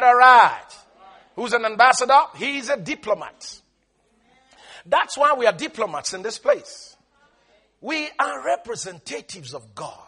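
A man preaching a sermon as pastor, calling on the congregation to respond and rising into shouts as he quotes scripture. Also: high-pitched, husky. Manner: quotes scripture in King James wording.

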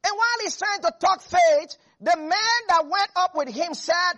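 A preacher delivering a lively sermon, laughing and acting out Bible characters. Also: extremely high pitch, moderate pace, few pauses.

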